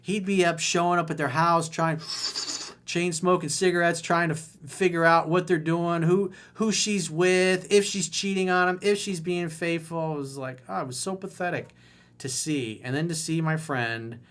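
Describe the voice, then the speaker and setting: Dude dating coach, slightly high voice, blunt and mocking, swears a lot. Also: male voice, steady tone, moderate pace, a bit bright. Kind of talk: solo coaching monologue.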